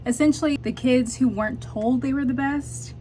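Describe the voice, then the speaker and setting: Candid young woman vlogging, halting. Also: sits high, warm tone, a little hiss or hum. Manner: candid and halting, searching for words. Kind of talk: confessional vlog.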